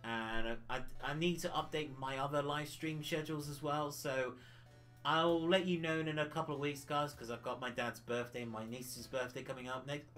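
A man's voice: on the high side, steady tone, moderate pace, a bit bright, faint music behind. A man from the UK chatting casually on a retro gaming livestream, rambling and laughing often.

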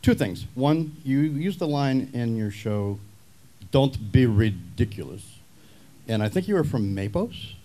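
A man's voice: mid-range voice, lively intonation, moderate pace, hardly any pauses, dark tone. Eager man asking a panel question. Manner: eager, rambling asker. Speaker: audience member asking a question.

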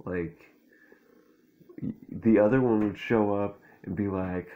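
A man's voice: lowish voice, fairly even intonation, slow, narrow, tinny audio. A man reading a children's picture book aloud and breaking off for crude, slangy, laid-back commentary. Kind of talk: stoned commentary over a storybook reading.

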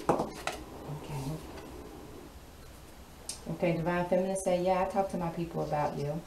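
A woman's voice: low-pitched, expressive, measured pace, pauses often. A woman giving a casual tarot reading in a sassy, emphatic way, often repeating her lines for effect. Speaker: tarot card reader. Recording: roomy, distant mic, clear background noise.

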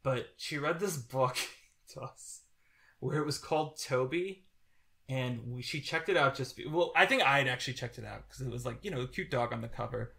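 Bright-voiced young man, halting and teary. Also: mid-range voice, gravelly. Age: 20s. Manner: rambling, halting, many fillers and restarts. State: getting teary. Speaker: podcast co-host. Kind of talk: casual podcast chat.

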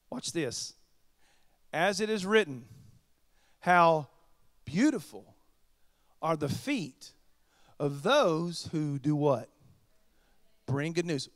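High-voiced joking pastor. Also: male voice, a bit bright, no room sound. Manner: chatty, joking asides to the congregation. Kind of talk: sermon.

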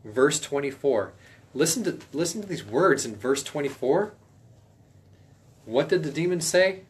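A man teaching a casual Bible study in a folksy, emphatic way, now and then stressing phrases loudly. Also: fairly high pitch, expressive, a little slow, pauses often.

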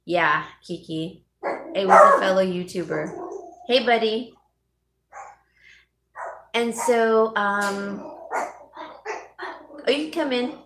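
A woman's voice: mid-range voice, drawn-out words, pauses often, roomy sound, very noisy. A woman hosting a casual live vlog from home, chatting with viewers by name and laughing often. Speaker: YouTube host.

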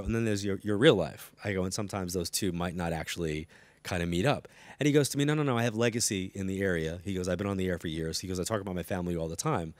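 A middle-aged man, a psychic medium guest, telling anecdotes in an animated way and acting out the dialogue, in a studio interview before a live audience. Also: deep voice, dry recording. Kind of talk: storytelling interview chat.

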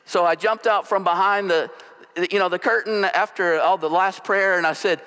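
A man preaching a sermon as pastor, telling stories with animated delivery. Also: high-pitched, normal speed. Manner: storytelling, animated. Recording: long hall reverb.

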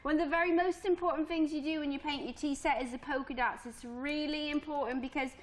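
A woman's voice: sits high, steady tone, fast. A woman running a pottery studio, explaining a children's painting party in a live on-location TV interview, playful and demonstrative. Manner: playful, demonstrating to children, puts on a posh accent at times.

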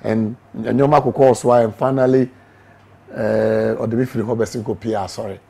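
A man's voice: medium pitch, steady tone, moderate pace, gravelly, a little mellow, husky. A middle-aged man with a Ghanaian accent giving an emotional testimony in an interview, mixing English and Twi as he tells his story. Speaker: interview guest, evangelist.

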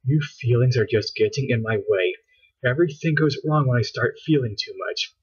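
A man voicing a determined, bossy girl scientist, close to his own husky voice, on a dull lo-fi recording. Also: mid-range voice. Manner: brisk, matter-of-fact, near his own voice.

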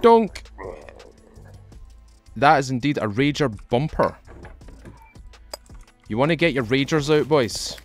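A man's voice: medium pitch, normal speed, pauses often, soft background music. A Scottish man playing a survival game, chatting playfully with viewers and joking as he plays. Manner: jokey, excitable, talks to viewers. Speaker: gaming video host. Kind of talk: playful let's-play commentary.

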